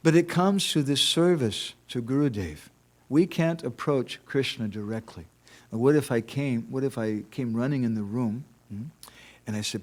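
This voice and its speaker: A man's voice: medium pitch, a little slow, pauses often, darkish tone. A man giving a devotional lecture at a temple, conversational and telling stories, often asking rhetorical questions. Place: temple hall.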